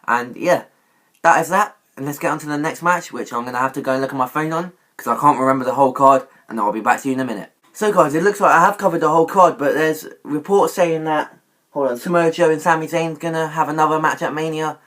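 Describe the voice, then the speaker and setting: A man's voice: fairly high pitch, fast, fairly bright tone. A man giving wrestling predictions in a casual vlog, rambling and often correcting himself with many fillers. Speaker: YouTube wrestling commentator.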